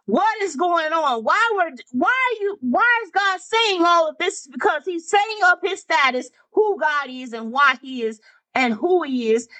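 A woman's voice: high voice, sharp tone, rough recording. A woman preaching a fervent sermon, repeating lines for emphasis and calling out to her listeners.

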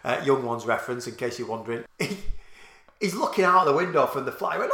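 A man in casual chat, telling a lively, profane story to a friend. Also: mid-range voice, quick pace, echoey room. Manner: animated, swearing, laughing storyteller.

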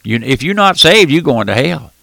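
An older preacher with a squeaky, folksy voice, rising and falling with fervor and a gravelly edge. He preaches a radio sermon, repeating himself and addressing his listeners as friends. The sound is dry and close. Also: big pitch swings, normal speed, pushed and bright, no echo. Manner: fervent, repetitive, calls listeners friend and folks.

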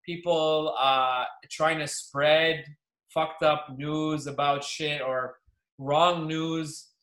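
A man co-hosting a podcast, telling stories in a casual, profane and animated way. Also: a little high, drawn-out words, reverberant. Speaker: podcast co-host, pharmacist. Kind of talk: casual chat.

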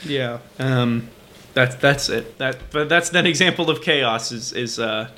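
A man's voice: mid-range voice, unhurried, pushed and bright. A man co-hosting a podcast, telling rambling, profane stories in casual chat. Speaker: podcast co-host.

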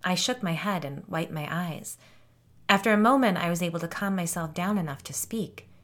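A woman narrating a first-person audiobook, expressive and dropping low and soft on tense moments. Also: normal speed.

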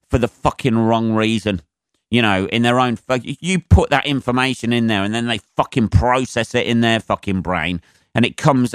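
A man's voice: mid-range voice, clear, resonant tone, no room sound, studio quality. A male comedian hosting a podcast, ranting alone in a profane, rambling way. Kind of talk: solo podcast rant.

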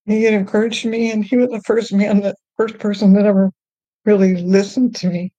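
A woman telling her faith testimony in a podcast conversation, earnest and emotional, often halting and restarting. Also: mid-range voice, level tone, warm tone, dry recording, highs cut off. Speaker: guest sharing her testimony.

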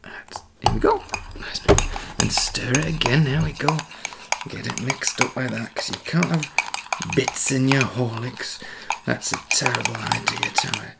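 A man in a home kitchen talking through a drink recipe in a soft, chatty, giggly whisper, with cutlery and dishes clattering. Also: mid-range voice, measured pace, gravelly, very noisy. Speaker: ASMR creator. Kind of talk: whispered ASMR cooking demo. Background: cutlery and dish clatter.

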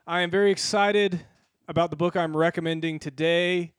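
A man's voice: on the high side, fairly even intonation, normal speed, clean tone, no room sound. Playful man hosting a book segment. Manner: playful, mock-formal segment intros. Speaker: podcast co-host presenting a book segment. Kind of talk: casual podcast chat.

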